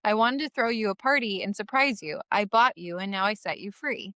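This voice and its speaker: A woman's voice: mid-range voice, animated, fairly quick, sharp tone, no echo. A woman co-hosting a podcast, giving an irreverent, swearing chapter recap while close to tears. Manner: irreverent and swearing, often laughing through tears. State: emotional, close to crying. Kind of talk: casual podcast recap, reading a comic chapter summary.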